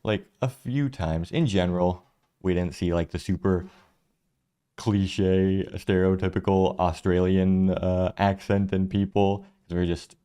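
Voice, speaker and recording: A man co-hosting a reaction video, talking in a relaxed, halting way with many fillers. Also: low voice, smooth. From United States. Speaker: reaction channel co-host. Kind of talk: casual reaction chat.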